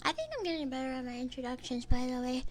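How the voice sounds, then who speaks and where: A young woman streamer chatting casually on a binaural microphone, excitable, laughing and swearing as she pleads with her chat. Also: high voice, fast talker, heavy background noise. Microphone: binaural ASMR microphone.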